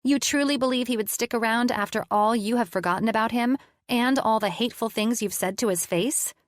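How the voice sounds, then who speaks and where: A woman's voice: a little high, brisk, no echo, studio quality, voice pushed up, natural voice. A woman reading an audiobook, voicing a frank, concerned woman who asks pointed questions.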